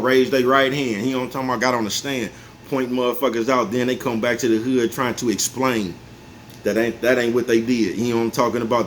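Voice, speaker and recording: A man in his forties talking to his viewers in a casual, rambling monologue, laughing to himself and often asking whether they follow him. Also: medium pitch. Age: 40s. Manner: laid-back, repeats "you know what I'm talking about", chuckles often. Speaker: vlogger. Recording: faint background noise.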